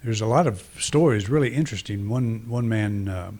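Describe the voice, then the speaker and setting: A man's voice: lowish voice, moderate pace, darkish tone. A man, a minister, preaching a conversational, reflective sermon with frequent restarts and fillers.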